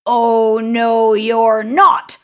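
A woman's voice: fairly high pitch, monotone, very slow, fairly bright tone, voice pushed up. A woman voicing a big, hungry, hairy male troll in a storybook reading, roaring and singing his threats. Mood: defiant. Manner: roaring, sing-song threats.

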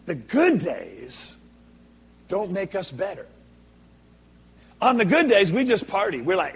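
A man preaching a sermon as a guest speaker, swinging from booming to hushed for dramatic effect. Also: huge pitch swings, measured pace, gravelly, pauses often, husky. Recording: echoey hall, dull lo-fi sound.

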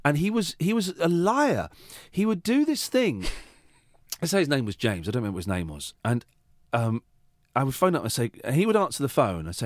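Middle-aged man, podcast guest, halting and hesitant, animated pitch, dry close mic. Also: no room sound. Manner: hesitant, halting storyteller with many restarts. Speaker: radio host, podcast guest. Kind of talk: casual conversational interview.

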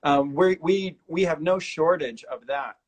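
A man hosting a podcast, talking in a casual, earnest and rambling way, sometimes mimicking other people with big jumps in pitch. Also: a little slow. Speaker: podcast host. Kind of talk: casual conversational interview.

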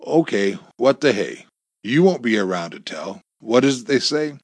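A man voicing a cocky, menacing male gunman who taunts his captives in a gruff voice, in a dry recording. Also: medium pitch, lively intonation, normal speed, no echo. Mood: gruff taunting.

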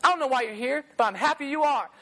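A young male preacher delivering a sermon in a loud, animated way, breaking into laughs between points. His voice sits high for a man. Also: fast.

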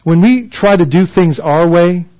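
A man's voice: sits high, a little slow, dark tone, muffled recording. A man preaching a sermon, reading scripture aloud and explaining it in an earnest, emphatic way, often restarting his phrases. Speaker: pastor.

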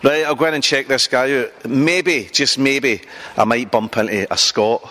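A Scottish man hosting a comedy street interview by a loch, chatty and teasing, with quick asides. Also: medium pitch, bright, forceful tone. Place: outdoors by a loch.

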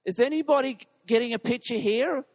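A man's voice: very high voice, fairly quick. A man preaching a sermon to his congregation, putting questions to the listeners. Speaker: pastor. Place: church hall. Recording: long reverb of a large hall.

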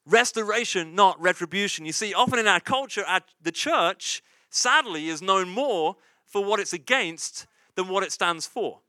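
A man's voice: sits high, expressive, a little slow, sharp tone, no echo. A man preaching a sermon as pastor, in a conversational style, often asking "right?" and repeating key lines for emphasis. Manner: conversational preaching with frequent "right?" and "you see".

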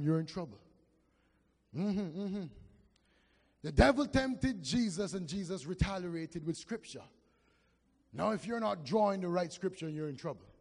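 A man preaching an impassioned sermon in a very high, gravelly voice. He speaks slowly and stretches his phrases, and his words ring through the long reverb of a church hall. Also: darkish tone. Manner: impassioned, drawn-out preaching with call-and-response.

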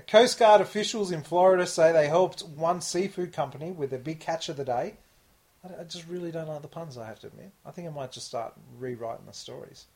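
A man's voice: on the high side, normal speed, darkish tone, slightly rough. Jokey man reading news with laughs. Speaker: podcast host reading news stories. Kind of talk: casual chat, reading news aloud.

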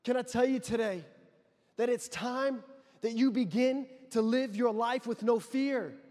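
Male pastor, very high-pitched, fervent sermon delivery with repeated declarations; reverberant church hall. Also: measured pace. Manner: impassioned, builds to loud declarations with repeated phrases. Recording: long reverb of a large hall.

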